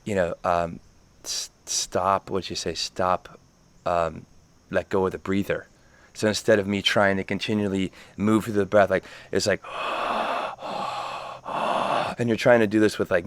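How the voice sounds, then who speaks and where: A man's voice: low-pitched, clear, resonant tone. A man co-hosting a podcast, reflecting in casual conversation, thoughtful and searching for words with lots of "like.". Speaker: podcast co-host. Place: retreat center in Costa Rica.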